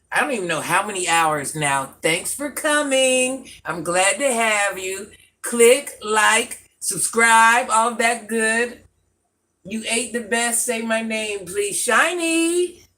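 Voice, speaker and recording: A woman's voice: on the high side, fairly bright tone. A woman in her forties hosting a live stream, affectionately repeating herself and calling herself Granny as she chats with viewers. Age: 40s. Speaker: livestream host.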